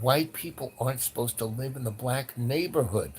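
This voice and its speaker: A man's voice: mid-range voice, a little fast, a little hiss or hum. Older guy rambling thru a story, bounces into voices for the people in it. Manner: animated, acts out quoted voices; rambling with restarts. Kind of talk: casual storytelling.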